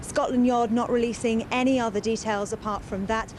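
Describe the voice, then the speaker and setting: A woman correspondent reporting live outdoors, careful, pausing with fillers. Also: a little high, steady tone, noisy background. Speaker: news correspondent.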